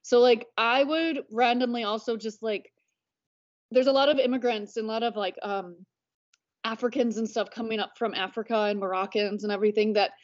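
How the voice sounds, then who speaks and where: A woman in her thirties with a fairly high voice talks casually as a podcast guest. She rambles warmly through her points and fills them with "like". The audio is a little dull and lo-fi. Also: fairly even intonation, brisk. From United States. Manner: chatty, many "like" fillers. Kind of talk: casual conversation.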